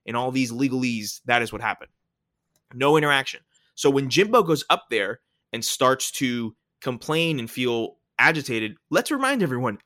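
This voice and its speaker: A man's voice: fairly high pitch, bright, forceful tone, dry recording, clean studio sound. A man hosting a casual sports talk show, explaining his points emphatically and often checking in with "right?".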